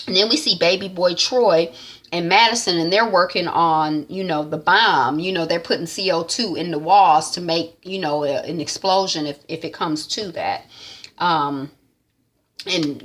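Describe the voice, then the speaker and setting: A woman's voice: fairly low pitch, normal speed, fairly bright tone. Chatty woman rambling through a TV recap. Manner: chatty, rambling, many ums and you-knows. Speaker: TV recap vlogger. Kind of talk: casual episode recap.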